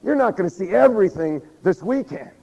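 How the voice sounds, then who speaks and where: A man preaching a sermon who acts out prayers and quotes with lively energy, laughing often and saying he is losing his voice. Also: high voice, a little fast, creaky. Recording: dull recording with long hall reverb.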